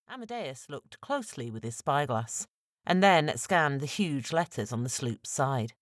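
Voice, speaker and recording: Woman, very deep voice, audiobook narration, measured, dry close studio sound. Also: lively intonation, no room sound. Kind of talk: scripted fiction narration.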